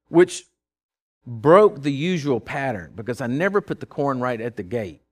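A man telling a casual spoken anecdote, rambling with lots of "you know" and restarts, and acting out voices in the story. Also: on the high side.

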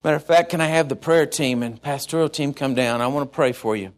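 A man from Texas, preaching a sermon as pastor, swinging from loud passages to hushed ones. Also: medium pitch, fast talker.

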